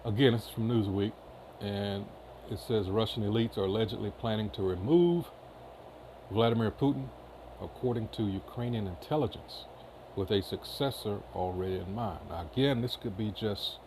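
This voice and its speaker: A man's voice: fairly low pitch, normal speed, a little mellow, slight background noise. A man reading news headlines aloud in casual commentary, with many filler uhs and short asides. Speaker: commentary channel host.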